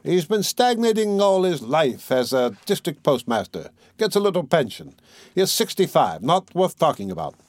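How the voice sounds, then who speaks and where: A man reading an audiobook, voicing an eager young male student friend in a raised, lively, insistent voice. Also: a little high, moderate pace, no room sound, pitched above the performer's own voice. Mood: chatty.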